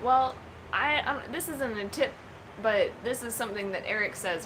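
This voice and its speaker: A woman's voice: on the high side, animated, normal speed, a bit bright. Casual American woman co-host, thirties, giggly and playful, home room with faint noise. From United States. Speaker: livestream co-host. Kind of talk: casual livestream chat.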